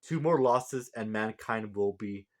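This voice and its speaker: A man's voice: lowish voice, unhurried, close to an everyday voice. A man reading aloud the lines of a worried young female valkyrie, a younger sister.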